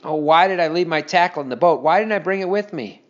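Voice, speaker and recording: A man's voice: fairly high pitch, quick pace, close to an everyday voice. A man voicing an eager, determined young boy as he reads a story aloud. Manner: excited, earnest inner thoughts. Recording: dull lo-fi recording.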